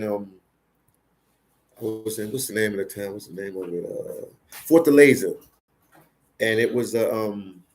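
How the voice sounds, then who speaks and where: Fairly low in pitch with a darkish tone, this man hosts a livestream and tells stories informally. He's from Philadelphia in the United States and tends to repeat himself for emphasis.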